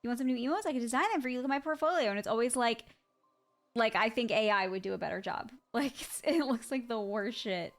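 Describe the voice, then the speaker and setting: A woman's voice: on the high side, fast talker. A woman live streamer chatting casually with her viewers, blunt and swearing freely, laughing through her stories.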